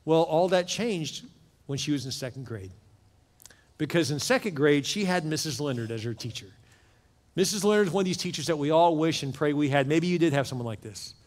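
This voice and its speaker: A man preaching a sermon as pastor, telling a story earnestly and often dropping into soft, hushed passages. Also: fairly high pitch, lively intonation, brisk. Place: church sanctuary with several campuses. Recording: long reverb of a large hall with music behind.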